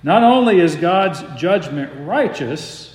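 Pastor, male, slow deliberate emphatic sermon delivery, slightly high voice, roomy sanctuary echo. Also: expressive. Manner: measured, emphatic preaching with slowed stressed phrases. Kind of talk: expository sermon.

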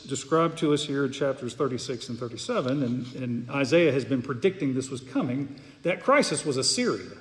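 A pastor preaching an earnest, emphatic sermon, often repeating words as he goes. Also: fairly high pitch. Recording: long hall reverb.

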